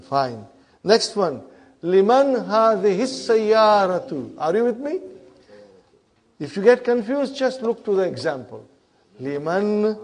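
A man teaching an Arabic grammar class, coaxing students through exercises, repeating their answers and teasing them gently. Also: sits high. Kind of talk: classroom lesson.

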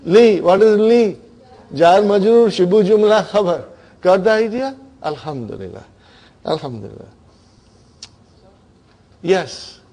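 High-voiced man teaching grammar. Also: lively intonation, unhurried, pauses often, mellow. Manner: questioning, checks in often with students. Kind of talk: classroom grammar lesson.

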